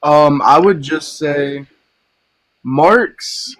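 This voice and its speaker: Guy calling into a stream, lots of ums, halting, dry sound. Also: on the high side, fairly bright tone, no room sound, rough recording. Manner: hesitant, lots of ums, gets cut off. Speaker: caller. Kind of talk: call-in debate.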